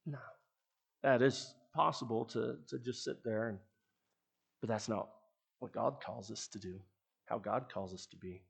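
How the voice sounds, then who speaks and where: A middle-aged man preaching with an earnest, storytelling delivery. His low voice is gravelly and a little husky, and his lines often fade off quietly at the end. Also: unhurried, long pauses. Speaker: pastor. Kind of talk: sermon.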